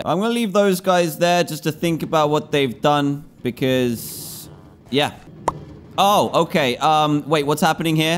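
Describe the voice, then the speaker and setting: A man giving gameplay commentary, scolding and pleading with the characters in his game. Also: a little high. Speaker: gaming video host.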